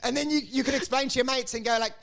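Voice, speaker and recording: A man co-hosting a crude comedy podcast, riffing excitedly, swearing and laughing. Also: extremely high pitch, fast talker. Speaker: podcast co-host.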